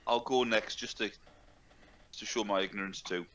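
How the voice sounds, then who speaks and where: A man's voice: fairly low pitch, fairly even intonation, a little slow, fairly bright tone, lo-fi sound. A man in a casual group chat who talks hesitantly, mocks himself and swears under his breath.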